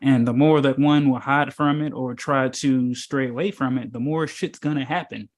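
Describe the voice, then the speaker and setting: A man of middle pitch talks as a spiritual teacher in a loose, preachy way. He rambles from point to point, stresses his words hard and keeps throwing out rhetorical questions and fillers. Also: steady tone, moderate pace. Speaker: spiritual teacher in an informal meetup. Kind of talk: casual preachy talk.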